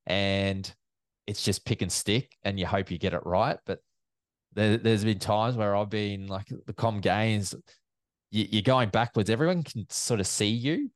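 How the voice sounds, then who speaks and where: A man, an event MC chatting in an interview as a lively storyteller, with many fillers and restarts. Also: fairly low pitch, a little slow, no room sound. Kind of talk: casual interview chat.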